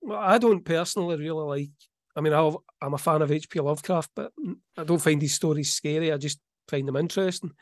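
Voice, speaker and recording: A middle-aged man chatting as a podcast co-host. His voice sits a little high and bright, and his delivery is relaxed and wry, with a touch of self-mockery. The sound is close and dry, with no room in it. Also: brisk, no room sound. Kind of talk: casual chat.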